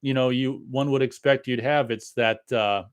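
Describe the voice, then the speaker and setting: A man's voice: mid-range voice, fairly even intonation, moderate pace, clean tone. A man from the Midwest co-hosting a casual podcast chat, easygoing and stumbling a little on his starts. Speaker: podcast co-host.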